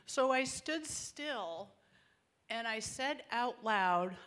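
A woman's voice: a little high, animated, slow pace, fairly bright tone. A woman speaking to a group of women about grace, telling a personal story in an earnest, conversational and emotional way. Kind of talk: personal testimony talk.

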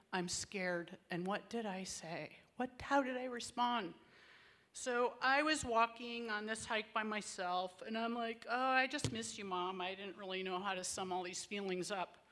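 A woman's voice: fairly high pitch, fairly bright tone. A woman speaking to a group of women about grace, telling a personal story in an earnest, conversational and emotional way. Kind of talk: personal testimony talk.

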